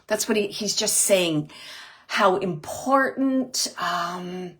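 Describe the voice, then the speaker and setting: A woman working as a psychic medium, giving a live reading to an audience member in a halting, searching way, repeating phrases as she relays messages. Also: lowish voice, animated, a bit bright.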